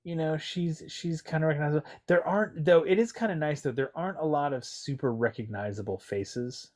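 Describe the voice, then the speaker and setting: A man's voice: fairly high pitch, fairly quick, a little mellow. Chatty man hedging through a podcast. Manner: chatty, hedging, full of fillers and restarts. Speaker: podcast co-host. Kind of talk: casual chat.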